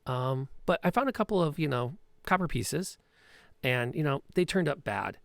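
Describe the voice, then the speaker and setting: A woman's voice: low voice, animated, moderate pace, gravelly, dry recording, clean studio sound. A game master voicing a nervous, evasive young woman thief who covers with chirpy, stammering cheer.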